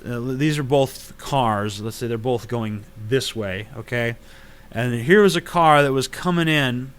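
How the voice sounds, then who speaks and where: A man in his late twenties answers viewer questions in a casual vlog. His pitch sits in the ordinary middle range for a man. He talks bluntly and swears freely, sliding into heated rants. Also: a bit bright, clear, resonant tone. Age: late 20s. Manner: blunt, profane, ranting.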